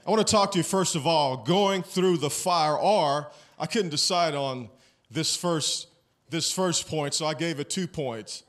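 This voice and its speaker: Guy preaching, kinda higher voice, chatty, keeps asking the room stuff. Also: measured pace, a bit bright. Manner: conversational, asks the congregation questions. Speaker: pastor. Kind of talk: sermon.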